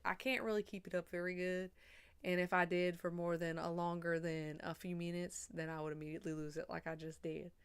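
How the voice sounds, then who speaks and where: A young woman chatting casually on a livestream, rambling and swearing, a little drunk and high. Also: pushed and bright, smooth.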